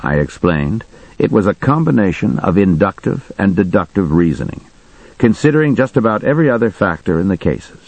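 Male narrator, deep and husky, dry close sound, measured first-person read. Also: lively intonation, a little mellow, no room sound, rough recording.

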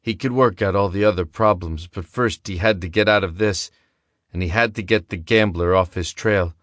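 A man giving steady, measured scripted narration of a story. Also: low voice, no echo, clean studio sound. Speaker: audiobook narrator.

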